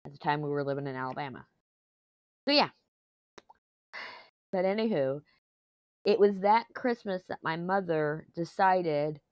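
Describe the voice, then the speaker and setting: A woman talks on and on while she crafts, often laughing at herself along the way. Her voice sits low and rather deep. It comes through a clip-on mic fixed to her t-shirt, sounding dull and close, with no room echo. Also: clean tone. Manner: rambling, self-deprecating, quick to laugh. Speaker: diamond painting vlogger. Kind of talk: casual rambling chat while crafting. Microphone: lapel mic clipped to t-shirt. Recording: dull, lo-fi, dry lapel sound.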